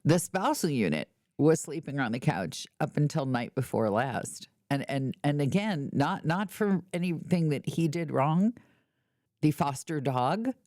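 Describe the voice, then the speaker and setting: A woman's voice: low-pitched, sing-song, a little slow, darkish tone, no echo, studio quality. A middle-aged woman hosting a podcast, chatting casually with wry storytelling and playful mock indignation. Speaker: podcast host. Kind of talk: casual chat.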